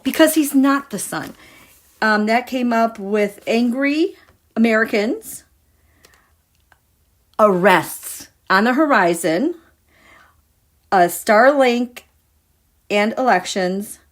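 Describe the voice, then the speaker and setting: A woman's voice: a little high, animated, takes it slowly, long pauses. A woman giving a casual tarot reading to her viewers, musing and dramatic as she talks through the cards. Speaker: tarot reader.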